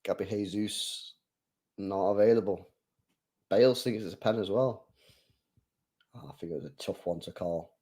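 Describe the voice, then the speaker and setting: Excitable young man reacting live. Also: low voice, moderate pace, pauses often, slightly rough. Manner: excitable, bursts into shouts and laughter, chats to viewers. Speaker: streamer hosting a live match watchalong. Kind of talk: live football watchalong reaction.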